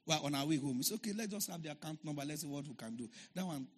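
A man preaching a sermon as a pastor, telling a story and shouting and chanting at its peaks. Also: a little high, animated, racing, breathy edge.

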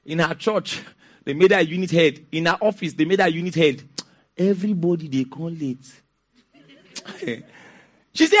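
A man with a Nigerian accent and a high voice preaches a sermon as pastor at normal speed. He's animated, telling stories with laughter and asking the congregation to respond in call-and-response.

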